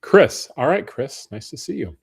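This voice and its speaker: Guy chatting on a livestream, friendly, shouting out viewers by name. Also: mid-range voice, sing-song, normal speed, creaky, slightly rough. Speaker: livestream host. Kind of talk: casual live Q&A chat.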